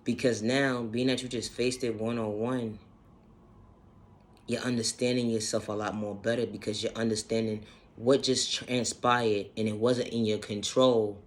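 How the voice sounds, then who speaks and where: With a lowish voice, a level tone and a moderate pace, a man gives an informal motivational monologue on self-healing. The self-help vlogger is sincere, reiterates what he says, and lets a swear word slip every so often.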